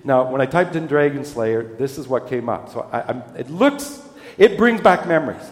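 A man's voice: medium pitch, animated, normal speed, reverberant, big-room sound. A man giving a sermon as a pastor, telling stories in a conversational, self-deprecating way.

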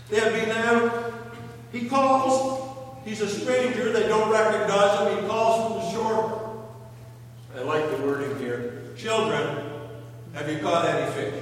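Slow-preaching man in an echoey church. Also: high-pitched. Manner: slow, questioning, dramatic retelling of scripture. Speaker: pastor. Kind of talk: sermon. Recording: echoey hall from far off, faint hum.

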